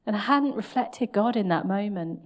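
A woman's voice: medium pitch, lively intonation, moderate pace, a little mellow. A woman preaching a sermon, telling a personal story in a candid, self-mocking way and laughing at herself.

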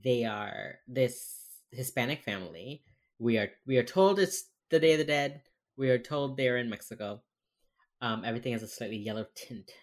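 Low-voiced woman casually recapping a show. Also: expressive, normal speed. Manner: wry storytelling, heavy use of "like". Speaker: podcast co-host recapping a TV episode. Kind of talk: casual chat.

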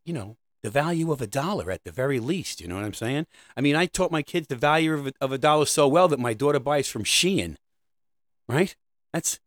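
A middle-aged man riffs through a comedic monologue in a sarcastic, rambling, conversational way. His pitch swings widely as he talks. The recording is dry and close. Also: no room sound. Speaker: comedic host.

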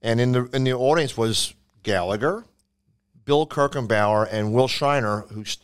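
Podcast guy in a studio, clear smooth voice, rambly easygoing chat. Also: medium pitch, moderate pace. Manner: rambling, many restarts and fillers. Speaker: podcast co-host. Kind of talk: casual chat.

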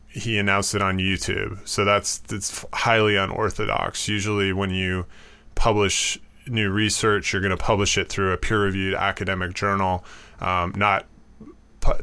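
Flat-toned man explaining with crisp clarity. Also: low-pitched. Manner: thoughtful, halting, many fillers and restarts. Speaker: explainer, commentator. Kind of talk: explanatory commentary.

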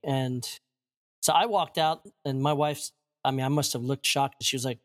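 A man's voice: mid-range voice, moderate pace. A man in his forties, a pastor, sitting for a casual interview. He tells his story with energy, mimics the people in it, and laughs readily. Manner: animated storyteller, acts out quotes, laughs often. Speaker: pastor, guest.

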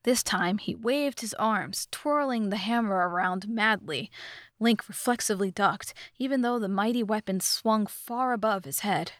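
A woman narrating a fantasy novelization as an audiobook, reading in a steady, measured way. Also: medium pitch, dry recording, clean studio sound. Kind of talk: scripted narration.

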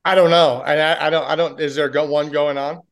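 Brief: male coach guest, slightly higher voice, rambling casual storyteller. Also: flat delivery, brisk. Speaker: assistant head coach, guest. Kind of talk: casual podcast interview.

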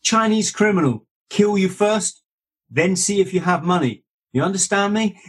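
Brusque nightclub boss, Hong Kong English, clipped and blunt, voice pitched up high, as a storyteller puts him on. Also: male voice, lively intonation, normal speed, slightly rough. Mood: stern warning. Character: brusque male gangland nightclub manager.

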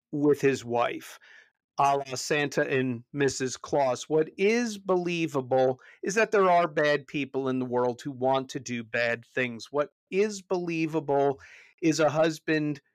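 A pastor chatting casually on a podcast about a movie, animated, often restarting and repeating words as he goes. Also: no echo. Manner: animated, jumps high when retelling scenes.

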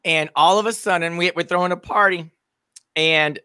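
A middle-aged woman telling a funny story in casual chat, animated and rising to shouts at the big moments. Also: lowish voice, normal speed, clean tone, no room sound, clean studio sound. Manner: animated, builds to shouting peaks at the punchlines.

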